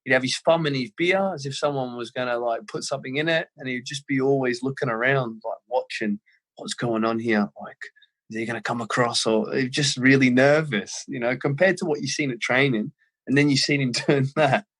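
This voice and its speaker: An Australian man in his thirties, a former footballer, telling lively anecdotes as a guest in an interview. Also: mid-range voice, brisk. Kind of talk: casual storytelling interview.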